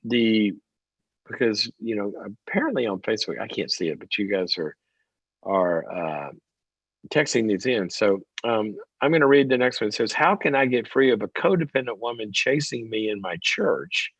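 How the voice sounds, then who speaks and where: Animated middle-aged man, advice show host. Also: lowish voice, moderate pace, slightly rough, no echo. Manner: animated storytelling, acts out quoted voices. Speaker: talk show host and psychologist. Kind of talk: call-in advice show talk. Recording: dull dry close mic.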